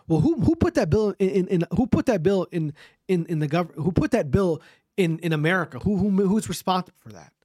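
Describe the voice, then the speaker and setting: A man's voice: high-pitched, big pitch swings, a little fast, warm tone, no echo, studio quality. A man hosting his own podcast, speaking in an emphatic, repetitive and profane rant. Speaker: podcast host.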